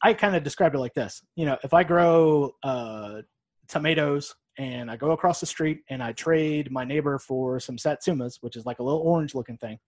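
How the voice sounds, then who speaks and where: A man's voice: fairly high pitch, moderate pace, no echo. A man co-hosting a podcast in casual chat, laid-back and rambling, swearing now and then. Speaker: podcast co-host.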